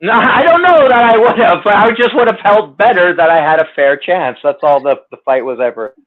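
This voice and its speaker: A man's voice: sits high, animated, a little fast. A man telling stories in a casual chat, loose and profane, poking fun at himself. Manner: loose, profane, self-deprecating. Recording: tinny phone-like line.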